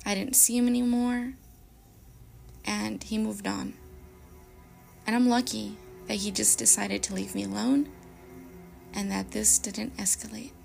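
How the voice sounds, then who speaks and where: A young woman hosting a podcast, reading scary stories aloud dramatically and dropping to a hush at tense moments. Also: medium pitch, creaky. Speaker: podcast host.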